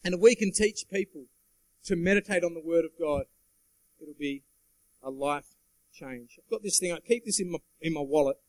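A man's voice: fairly high pitch, moderate pace, long pauses, a little mellow, dry recording, poor audio. A man preaching a sermon in a church, earnest and emphatic, calling out to the congregation. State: sweating. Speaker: guest preacher.

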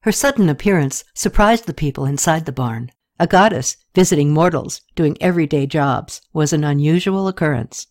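A woman narrating an audiobook story in a steady scripted reading, lifting her pitch slightly for characters' lines. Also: moderate pace, few pauses.

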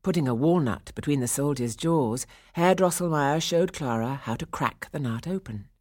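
Low-voiced woman narrating a storybook. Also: no room sound, studio quality. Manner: expressive, measured storytelling.

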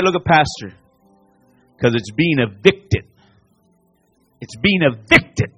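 A pastor delivering a sermon and altar call, repeating phrases and rising to near-shouts as he preaches. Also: a little high, lively intonation, slow, long pauses, breathy edge, no room sound, soft background music.

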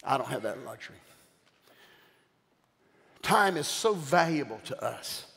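An older man, a bishop, preaching a sermon with animated storytelling and call-outs to the congregation. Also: mid-range voice, measured pace, vocal fry. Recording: long hall reverb.

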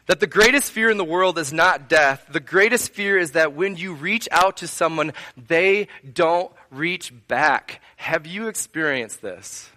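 A man's voice: fairly high pitch, expressive, a little slow, hardly any pauses, pushed and bright. A man preaching a sermon to his congregation, earnest, building repeated phrases into lists and asking them direct questions. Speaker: pastor.

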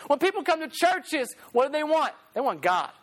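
Brief: young male youth preacher, fairly high voice, loose and animated storytelling. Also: moderate pace. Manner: animated, laughs often, slangy asides. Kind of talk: casual storytelling sermon.

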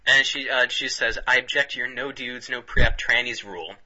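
A man rambles through casual comedic banter, laughing often and restarting his sentences. His voice is forceful and slightly husky. The recording sounds dull and lo-fi. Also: mid-range voice, steady tone, moderate pace. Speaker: podcast co-host.

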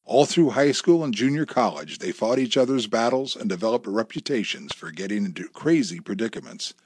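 A man narrating a story in a steady, descriptive way. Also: on the low side, brisk, slightly rough, no room sound.

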